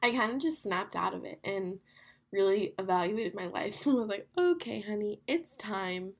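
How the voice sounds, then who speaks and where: Creaky-voiced chatty young woman. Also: medium pitch. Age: young adult. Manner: chatty, candid, fast with lots of "like". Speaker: podcast host. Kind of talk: casual solo podcast talk.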